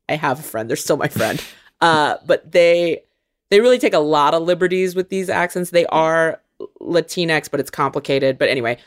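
A woman's voice: sits low, animated, moderate pace. A woman co-hosting a podcast in casual chat, frank and chatty, often laughing between points. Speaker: podcast co-host.

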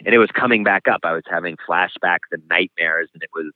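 A deep-voiced man, an author appearing as a guest, speaks frankly and reflectively in a candid interview, pausing often. The line is tinny and phone-like, dry with no echo.

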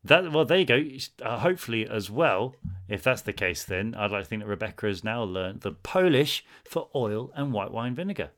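A man's voice: on the low side, expressive, normal speed, fairly bright tone, faint music behind. A man co-hosting a podcast, chatting in a friendly way and reading listener questions aloud. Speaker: podcast co-host. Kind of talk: casual podcast chat.

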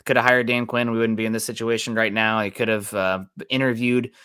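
A man co-hosting a casual sports talk show, chatting briskly and reading out listener comments. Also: lowish voice, little pitch movement, sharp tone, clear, resonant tone, no room sound, clean studio sound. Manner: brisk, reads out chat messages.

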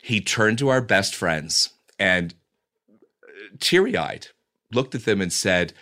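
A man with a lowish yet bright, forceful voice tells a personal story as an interview guest. He narrates with lively energy and often restarts his sentences. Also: slow.

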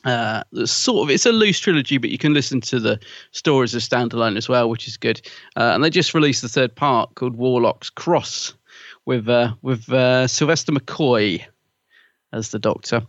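A man's voice: medium pitch, normal speed, fairly bright tone, no echo, highs cut off. A man co-hosting a podcast in casual chat, hesitant with many fillers but enthusiastic as he recommends things. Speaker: podcast co-host.

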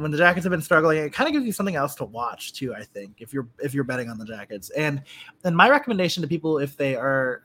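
A man's voice: fairly high pitch, a bit bright. A man co-hosting a podcast in casual chat, talking in a chatty way with frequent restarts. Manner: chatty, lots of restarts and "you know". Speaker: podcast co-host.

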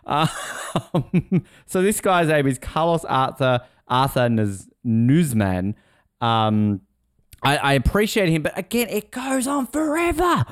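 A man co-hosting a podcast in casual chat, animated and swearing, laughing and mimicking people as he talks. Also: on the high side, normal speed, dry recording, clean studio sound. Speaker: podcast co-host.

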